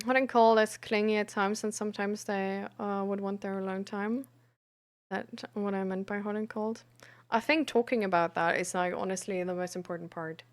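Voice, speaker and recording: A woman streamer and peer support coach, chatting frankly and reflectively with her audience, pausing often with fillers. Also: mid-range voice. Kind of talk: casual live-stream chat about mental health.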